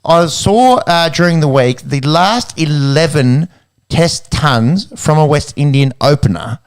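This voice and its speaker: A man's voice: on the high side, animated, a little slow, smooth. A man with an Australian accent, co-hosting a casual sports podcast in a jokey, rambling way. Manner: jokey, rambling, lots of fillers. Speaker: podcast co-host.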